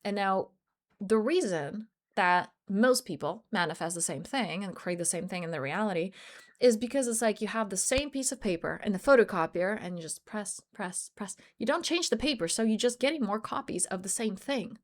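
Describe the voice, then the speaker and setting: Animated and moderately paced, this mid-range female voice belongs to a life coach sharing a personal story in an earnest motivational talk. She acts out bits of dialogue, speaking English as a non-native language.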